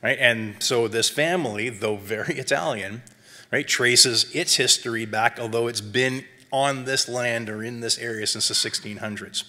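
Chatty, bright-voiced man lecturing. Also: medium pitch, moderate pace. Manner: chatty, lots of um and tag questions; self-described academic. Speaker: wine seminar presenter.

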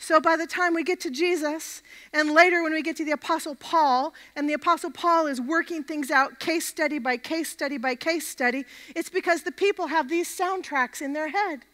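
A woman with a high, bright, forceful voice preaches an interactive camp meeting sermon. She energetically drills the crowd through chants, and her voice rings with the long reverb of a large hall. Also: moderate pace. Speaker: guest preacher.

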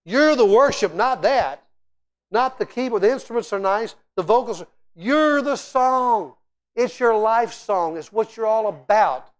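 A middle-aged man preaching a sermon in a church as guest speaker, telling stories with lively, animated delivery and frequent restarts. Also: high-pitched, measured pace. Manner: animated, storytelling, repeats words and restarts often. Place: church sanctuary.

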